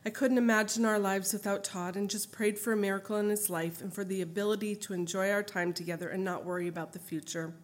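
A woman's voice: medium pitch, steady tone, fast talker, few pauses. A middle-aged woman sharing her family's story as a mother, reading from her account and then telling an anecdote off-script in an earnest, emotional way.

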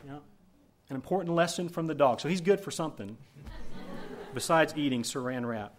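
A man preaching a sermon as pastor, telling a story with animated swings between loud emphasis and hushed asides. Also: a little high, moderate pace, a little hiss or hum.

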